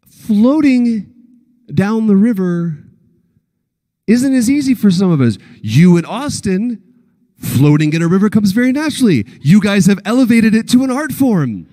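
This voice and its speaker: A man in his forties, a voice actor telling animated stories at a convention panel and acting out the quotes. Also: high-pitched. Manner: animated storyteller, acts out quotes. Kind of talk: anecdotal panel talk.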